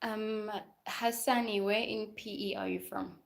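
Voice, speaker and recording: A woman's voice: medium pitch, flat delivery, a little slow. A woman from Port Elizabeth chatting on a phone live stream while she mops, reading out and answering viewer comments. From Port Elizabeth, South Africa. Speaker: livestreamer. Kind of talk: casual live-stream chat while cleaning.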